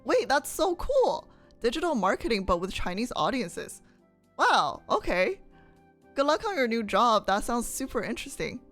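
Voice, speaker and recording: A woman's voice: on the high side, sing-song, moderate pace, fairly bright tone, soft background music. A young woman streamer chatting casually with her viewers, reading their comments, laughing often and asking them questions.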